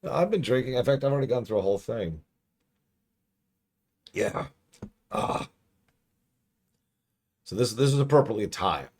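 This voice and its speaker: A man reviewing a game on a live stream, hoarse and losing his voice, chatty and thinking out loud. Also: mid-range voice, very animated, moderate pace, long pauses. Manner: chatty, thinks aloud, restarts. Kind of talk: casual live-stream commentary.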